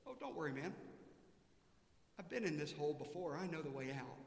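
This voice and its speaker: A calm, easygoing buddy reassures his friend , as a preacher puts him on, speaking lower and softer. The voice sits in a reverberant church with a long tail. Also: brisk, gravelly. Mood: reassuring. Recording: echoey church hall.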